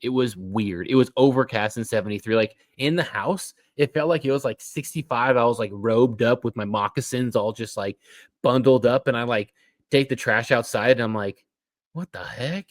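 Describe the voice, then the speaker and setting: A man's voice: mid-range voice, normal speed, no echo. A man co-hosting a casual podcast, chatting loosely and rambling with fillers. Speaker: podcast co-host. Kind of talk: casual chat.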